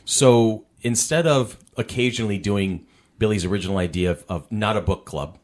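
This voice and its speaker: A man's voice: on the low side, normal speed. A middle-aged man hosting a casual podcast chat from his dining room, rambling and self-deprecating with lots of restarts. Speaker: podcast host. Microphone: portable podcast setup.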